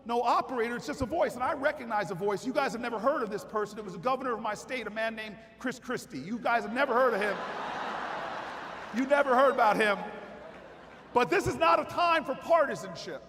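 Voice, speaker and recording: High-voiced man giving a convention keynote. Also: a little hiss or hum. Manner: storytelling that builds to shouted rally calls. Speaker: keynote speaker. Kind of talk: political convention speech. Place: large convention hall. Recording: long hall reverb with faint crowd.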